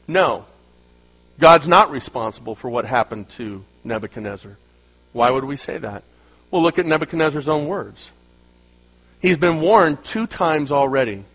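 A middle-aged man preaching a sermon, swinging between loud emphasis and quiet asides. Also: on the high side, low-quality recording. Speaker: pastor.

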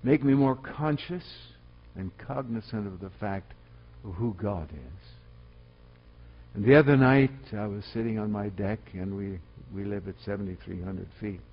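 A man preaching a sermon, swinging from loud, emphatic exhortation to quiet, personal storytelling. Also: on the low side, moderate pace, lo-fi sound. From Colorado.

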